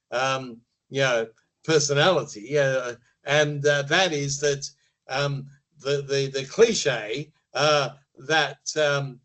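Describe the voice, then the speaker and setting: A man talks as a guest on a podcast interview, with a voice that sits a touch higher than most men's. He explains things in a measured way and often pauses to rephrase a thought before carrying on. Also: fairly bright tone, poor audio. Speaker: media trainer guest.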